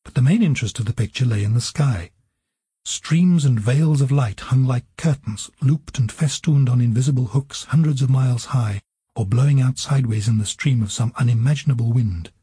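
Mellow, breathy audiobook narrator. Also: male voice, mid-range voice, normal speed, dry recording.

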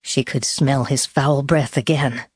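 Woman audiobook narrator, low, husky voice, dry close sound. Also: fairly even intonation, no echo. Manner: measured, deliberate storytelling.

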